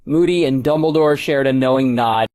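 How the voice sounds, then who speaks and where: A male narrator reading a story aloud at a middle pitch, steady and even. His delivery stays composed from line to line, a plain audiobook read. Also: normal speed. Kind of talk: scripted narration.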